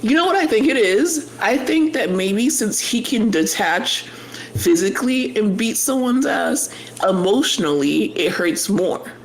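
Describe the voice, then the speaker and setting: A man's voice: high-pitched, unhurried, slight background noise. A man co-hosting a casual podcast, telling stories with lots of acted-out quotes and slang. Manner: animated storytelling, acts out quoted voices. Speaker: podcast co-host. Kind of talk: casual chat.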